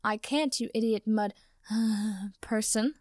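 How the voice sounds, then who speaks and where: A woman's voice: on the high side, moderate pace, a little mellow, no echo, studio quality, natural voice. A woman reading the lines of a prickly, sarcastic young male wizard in an audiobook story, with a snappish manner. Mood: exasperated.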